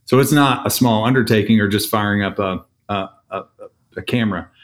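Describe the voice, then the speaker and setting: Halting man in a low voice. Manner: halting, many fillers. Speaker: podcast co-host. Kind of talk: casual podcast chat.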